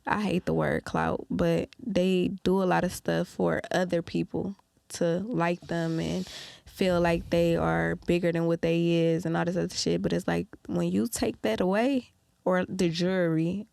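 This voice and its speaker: Young Detroit woman guest, gravelly, dry close mic, lively and laughing. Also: fairly low pitch, no echo. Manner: animated, quick to laugh, acts out people's lines. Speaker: guest musician. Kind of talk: casual interview chat.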